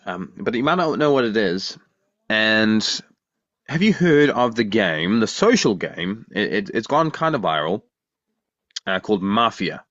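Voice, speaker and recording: A man's voice: lowish voice, big pitch swings, normal speed, fairly bright tone, dry recording, lo-fi sound. A man co-hosting a podcast in casual chat, rambling and asking lots of questions. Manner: rambling, restarts often, asks questions. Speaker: podcast co-host.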